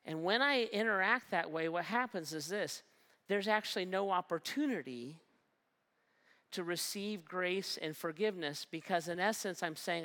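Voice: mid-range voice, animated, measured pace, fairly bright tone. A pastor preaching a sermon with emphasis, repeating phrases and asking the listeners questions. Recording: long hall reverb.

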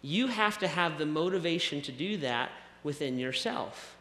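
Male pastor, somewhat high, bright voice, conversational preaching, church hall with long reverb. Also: lively intonation, moderate pace. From American South. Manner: conversational, self-deprecating preaching with repetitions. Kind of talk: sermon. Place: church sanctuary.

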